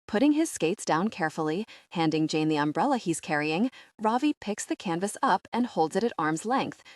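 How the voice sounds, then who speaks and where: A woman narrates an audiobook from a script, telling the story expressively. Her pitch sits fairly low and her pace is moderate, recorded at studio quality with no room sound.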